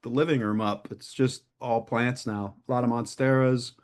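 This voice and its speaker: A man co-hosting a podcast over a video call, chatting in a relaxed, self-deprecating way. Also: mid-range voice, normal speed. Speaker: podcast co-host. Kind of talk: casual chat.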